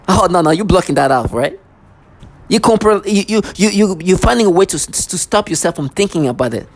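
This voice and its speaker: A vlogger ranting to camera in an agitated, accusatory way, full of sarcasm and stammered restarts. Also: mid-range voice.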